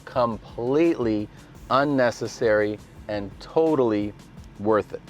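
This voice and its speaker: Comedian guy rambling in his car, laid-back and swearing a lot, mid pitch, bit of music under it. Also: takes it slowly, a little mellow. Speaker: touring comedian. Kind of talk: casual storytelling vlog. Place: inside a car.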